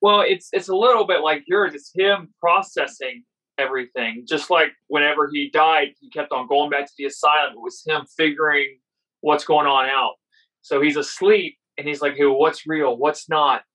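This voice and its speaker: A man's voice: a little high, normal speed, bright, forceful tone, poor audio. A man co-hosting a podcast, thoughtfully talking through his ideas in a casual chat. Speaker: podcast co-host.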